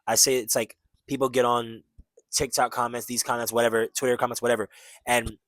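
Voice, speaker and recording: A man's voice: medium pitch, little pitch movement, a little fast, a bit bright, no room sound. A man in his twenties talking casually to camera, rambling and tacking "and whatnot" onto his points. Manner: rambling, peppers talk with "and whatnot". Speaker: vlogger.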